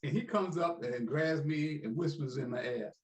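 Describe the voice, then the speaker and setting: Older man, seventies, folksy storyteller, high animated voice, echoey room. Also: normal speed. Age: 70s. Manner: folksy, peppers speech with "man". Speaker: interviewee, veteran sports talk host.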